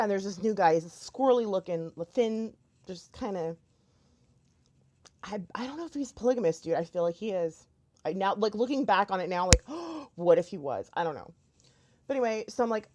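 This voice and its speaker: Animated woman telling a rambling story. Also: mid-range voice, a little fast. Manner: rambling, animated, many fillers and restarts. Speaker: YouTuber. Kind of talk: casual storytelling while doing makeup.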